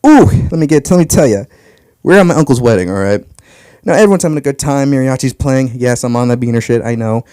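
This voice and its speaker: A man's voice: mid-range voice, expressive, quick pace, warm tone, clean tone, dry recording, clean studio sound. A young man telling crude, brash stand-up stories about his family on a comedy club stage. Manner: brash storytelling, crude punchlines.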